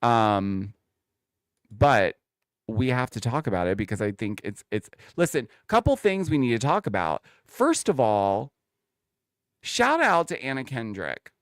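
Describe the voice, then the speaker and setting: A man's voice: fairly low pitch, animated, unhurried, no room sound, clean studio sound. A man hosting a casual reality TV recap, chatty and opinionated, talking straight to his viewers. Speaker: host.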